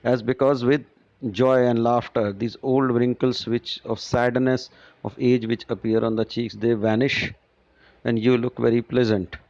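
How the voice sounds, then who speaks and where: A man's voice: medium pitch, little pitch movement, unhurried, darkish tone. Man teaching a literature lesson, lo-fi. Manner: paraphrases each line, keeps asking "right?". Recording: dull lo-fi recording.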